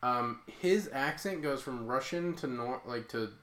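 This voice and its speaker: A podcast co-host in a casual movie recap chat, animated and often acting out scenes in quoted voices. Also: medium pitch, measured pace, roomy sound, poor audio.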